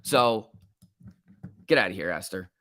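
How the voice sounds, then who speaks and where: A man's voice: low voice, expressive, a little slow, a bit bright, no echo, studio quality. A man hosting a casual stock-market livestream, reading viewer comments and ranting bluntly with frequent filler words.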